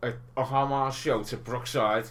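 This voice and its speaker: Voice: mid-range voice, fairly even intonation, moderate pace. A podcast co-host, dry and blunt in a casual film-review chat, swearing freely.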